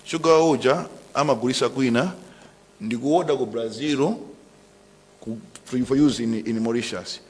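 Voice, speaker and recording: Brief: middle-aged Malawian man, defiant government minister at a briefing, mid-pitched voice, long hall reverb. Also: moderate pace, a little hiss or hum. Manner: emphatic, defiant, mixes local language into English. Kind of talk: press briefing statement.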